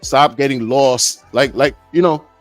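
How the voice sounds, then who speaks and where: A man's voice: mid-range voice, unhurried, soft background music. A middle-aged man hosting a live podcast, rambling loosely and filling his talk with "man" and "you know". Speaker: podcast host. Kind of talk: casual live-stream rambling.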